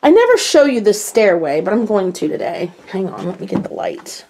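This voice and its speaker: A woman's voice: medium pitch, sing-song, fairly quick, dark tone, slight background noise. An older woman chatting casually through a home tour of her kitchen, rambling and self-mocking.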